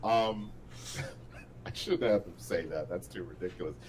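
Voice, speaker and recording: A man's voice: low-pitched, measured pace, a little mellow, a little hiss or hum, poor audio. A man running a tabletop game as game master, explaining rules and narrating scenes, often laughing at his own descriptions.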